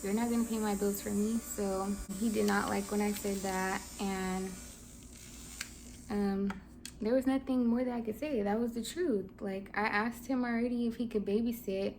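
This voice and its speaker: A woman in her twenties, a vlogger telling a personal story in a casual, animated style with lots of "like"s. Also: mid-range voice, a little slow, slight background noise. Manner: casual, animated retelling with many "like"s. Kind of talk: storytime chat.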